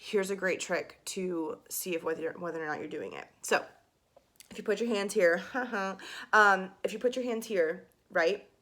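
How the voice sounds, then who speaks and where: A woman's voice: mid-range voice, normal speed, a bit bright. A young woman giving a casual singing lesson to camera, chatty and full of fillers and asides. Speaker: singing teacher.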